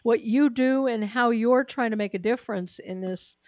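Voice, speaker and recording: A woman hosting a talk show who asks pointed questions and chimes in with quick interjections. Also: fairly high pitch, a little mellow, no echo, studio quality. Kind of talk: casual interview chat.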